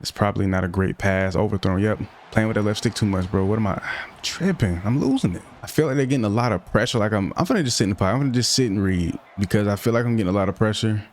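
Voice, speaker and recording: A young man commentating his own football video game run, slangy and quick to get frustrated, talking to himself between plays. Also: fairly low pitch, slight background noise. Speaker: gaming streamer. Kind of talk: live gameplay commentary.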